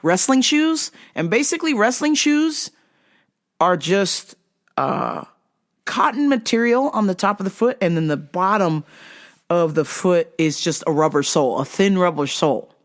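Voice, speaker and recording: A vlogger telling a casual, profane story in an animated way, acting out the people in it. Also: mid-range voice, unhurried. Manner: animated and profane, acts out quotes.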